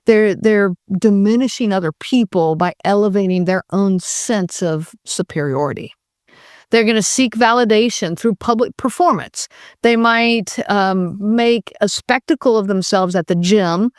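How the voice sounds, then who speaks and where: Brief: female podcast host, mid-pitched, chatty explainer, dry close recording. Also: no room sound. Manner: conversational, with frequent fillers and restarts.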